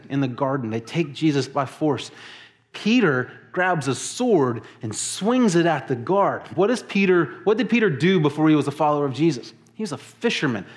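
A man preaching to his congregation, telling the story with lively emphasis and acting out quoted lines. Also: mid-range voice. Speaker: pastor. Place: church service in a large hall.

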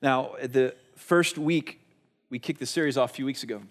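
In a conversational sermon, a male pastor asks rhetorical questions and alternates between forceful emphasis and quiet, hushed lines. His voice is mid-range and his speed is normal.

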